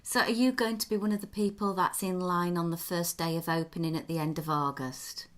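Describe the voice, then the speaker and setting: A woman's voice: on the low side, fairly even intonation, a little fast. A woman podcast host, chatting casually with short friendly remarks. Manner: brief friendly interjections. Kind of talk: casual chat.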